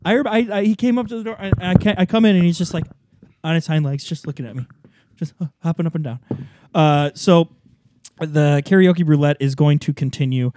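A man co-hosting a casual show, chatting in a playful, animated way and laughing often. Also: a little high, fairly quick, slight background noise. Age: adult, married. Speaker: podcast co-host. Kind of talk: casual banter.

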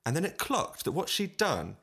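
A man's voice: a little high, normal speed, gravelly, husky. A man, an audition pianist, telling a funny story in casual chat, laughing often. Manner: animated anecdote telling with frequent laughter.

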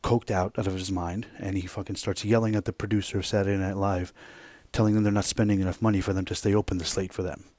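A man hosting a podcast, telling a rambling, profane workplace story in a casual, animated way. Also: low voice, fast, hardly any pauses, dry recording. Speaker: podcast host.

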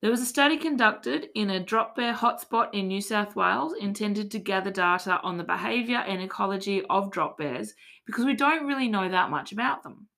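A woman's voice: medium pitch, expressive, a little fast, creaky, sharp tone. An Australian woman hosting a casual podcast, telling a tall tale in a mock-serious, playful way. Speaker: podcast host.

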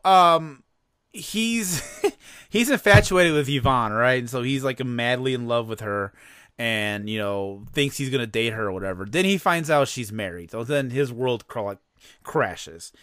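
Unhurried and mid-range, this man's voice is clear, resonant, and fairly bright. As a podcast co-host he chats casually and rambles, with frequent fillers and laughs, recorded at studio quality without room sound.

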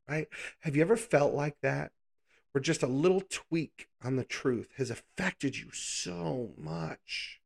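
A man's voice: fairly high pitch, lively intonation, takes it slowly, creaky, a little mellow. A man preaching a casual, conversational Bible lesson, asking the listeners rhetorical questions and adding playful asides.

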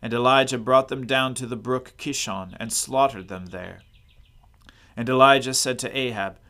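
A man reading a Bible passage aloud in a measured, steady narration. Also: mid-range voice. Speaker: scripture reader.

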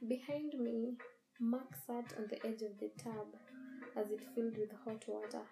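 A woman reading a first-person horror story in a measured, dramatic storytelling manner. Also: on the high side, flat delivery, creaky, dark tone, low-quality recording. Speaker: narrator.

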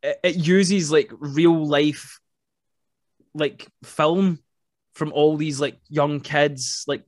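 Fired-up guy hosting a film podcast, kinda high voice, rambles w lots of "like", dry close mic. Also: very slow, no echo. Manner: excitable, rambling, swears, says "like" a lot. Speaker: podcast host. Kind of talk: casual film chat.

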